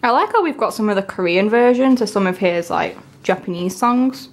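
A young woman, chatting casually and gushing with excitement as she unboxes albums. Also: medium pitch, brisk. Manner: gushing, excitable, breaks into gasps and soft whispers.

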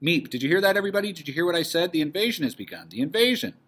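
A male teacher reading the part of an excited young woman who brings the news in a play. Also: fairly high pitch, a little fast, slightly rough, voice pushed up, exaggerated voice.

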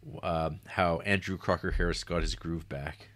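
A man co-hosting a film podcast, casually retelling a plot in a rambling, animated way, often acting out quotes and laughing. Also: low voice, moderate pace, dry recording, clean studio sound. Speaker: podcast co-host. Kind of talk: casual film review chat.

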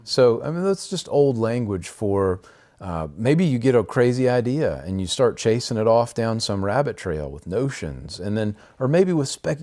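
A man's voice: medium pitch, dark tone. A man co-hosting a podcast, talking in a casual, rambling way with frequent restarts. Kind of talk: casual conversational podcast talk.

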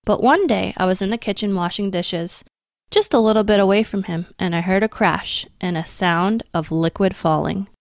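A young adult woman reading a scripted parenting talk for a radio program in a calm, gentle, measured way. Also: medium pitch, no echo, studio quality. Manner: calm, gentle and measured, acting out child-directed quotes.

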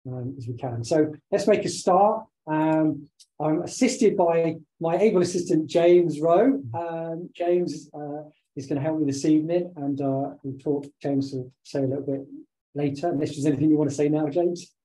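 Hoarse guy giving a webinar talk, lots of ums, dark mellow sound, fairly high pitch. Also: normal speed, poor audio. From United Kingdom. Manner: conversational, with many filler sounds and restarts. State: slightly hoarse from talking all day. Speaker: webinar presenter and business owner. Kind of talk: online presentation over slides.

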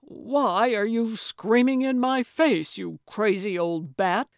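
A woman doing a gruff, blunt man. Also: fairly low pitch, animated, slow, no echo, studio quality. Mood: irritated. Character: grumpy blunt man, tired.

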